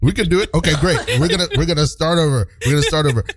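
A man's voice: fairly high pitch, rapid-fire, dry recording, studio quality. A man hosting an improv radio show, encouraging and repeating himself. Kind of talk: casual radio chat.

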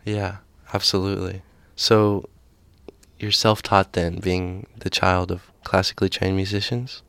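A man's voice: low voice, flat delivery, a little slow, a bit bright, smooth, no room sound. A man hosting a casual radio interview, earnest and agreeable, with rambling questions. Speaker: radio host.

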